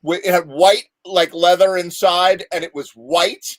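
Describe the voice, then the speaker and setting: A man's voice: high-pitched, steady tone, measured pace, no echo. A man telling a long, rambling story in casual chat on a live show, full of restarts.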